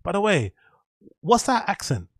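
A man's voice: sits high, wildly swooping pitch, measured pace, no echo, clean studio sound. A man hosting a reaction video, rambling, joking and swearing freely as he comments.

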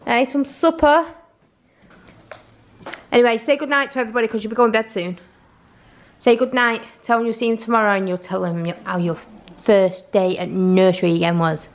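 A woman's voice: fairly high pitch, steady tone, fairly quick, pauses often. A woman chatting casually in a home vlog, coaxing and teasing her toddler. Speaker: family vlogger. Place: family home, indoors.

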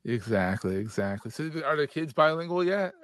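A man's voice: fairly high pitch, very animated, brisk, no echo. Dry-sounding joking man in his forties. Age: 40s. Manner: joking, laughs at own quips. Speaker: podcast host. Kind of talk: casual interview chat.

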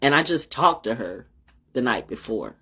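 A woman's voice: very deep voice, very animated, moderate pace, pushed and bright, husky. An older woman hosting her own show, delivering a fiery, profane, confrontational monologue. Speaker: show host. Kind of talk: ranting monologue.

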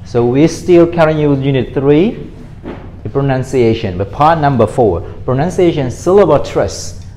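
A man's voice: mid-range voice, lively intonation, moderate pace, mellow, slight background noise. A man with a Cambodian accent teaching an online English pronunciation lesson, patient and repetitive, with non-native phrasing.

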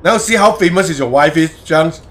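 Bright-voiced man in loose gaming banter. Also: on the high side, moderate pace. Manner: loose, swearing, laughing banter with chat. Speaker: game streamer. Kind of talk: casual live-stream chat while gaming.

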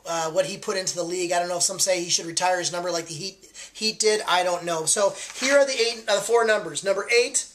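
A woman's voice: lowish voice, fast talker, slight background noise. A woman hosting a sports card giveaway in a casual vlog, talking eagerly with lots of fillers and self-corrections.

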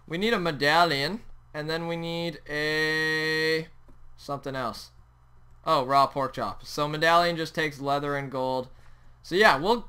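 Excitable young man narrating a game. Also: a little high, clear, resonant tone. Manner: excitable, yelps and shouts at the game. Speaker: gaming channel host. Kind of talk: Minecraft let's play commentary.

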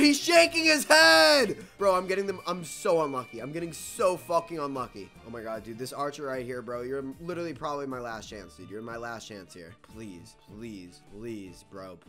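A young man giving excitable live commentary over his own gameplay, swearing and repeating himself as he pleads with the game. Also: medium pitch. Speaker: gaming YouTuber.

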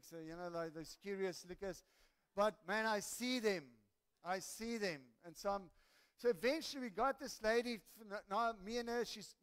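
A man telling a lively testimony as a preacher in a church sermon, building to excited shouts. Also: very high-pitched, clear, resonant tone. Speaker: pastor.

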